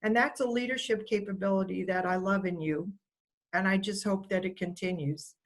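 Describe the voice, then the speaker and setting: A woman's voice: medium pitch, steady tone, moderate pace, low-quality recording. A school staff member, a woman, telling fond stories about a student in a speech on a video call. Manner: warm storytelling, quotes the student fondly. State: getting emotional.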